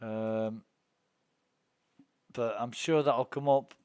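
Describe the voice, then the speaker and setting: A man's voice: medium pitch, steady tone, extremely slow, darkish tone, clear, resonant tone, no echo. A middle-aged man chats while streaming a game, drifting into indignant, profane anecdotes. His voice sits in a middle register. It is recorded close, with no room sound. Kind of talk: casual gameplay chat and storytelling.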